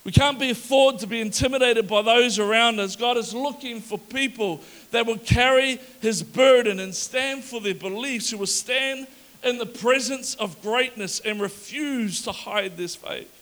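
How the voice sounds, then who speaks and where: A male pastor preaching a sermon in a lively storytelling manner and acting out the people in the story. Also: very high voice, normal speed, long reverb tail. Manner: animated, storytelling, acts out the characters.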